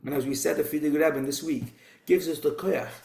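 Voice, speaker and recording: A man leads an informal Torah class and talks conversationally through rhetorical questions. His voice sits a touch high, and a roomy echo hangs around it. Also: a little fast, vocal fry, darkish tone. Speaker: rabbi teaching a Torah class.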